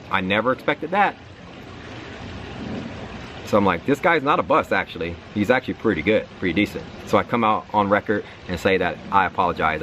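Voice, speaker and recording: A man running a sports channel, telling a long story in casual commentary with lively asides and acted-out reactions. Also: lowish voice, slight background noise. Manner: animated storytelling, repeats words, acts out his own reactions.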